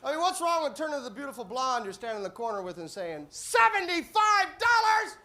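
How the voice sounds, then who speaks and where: A man doing a stand-up comedy routine on a club stage, deadpan setups that burst into shouted punchlines. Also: very high-pitched, racing. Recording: live club audience laughing. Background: audience laughter and applause.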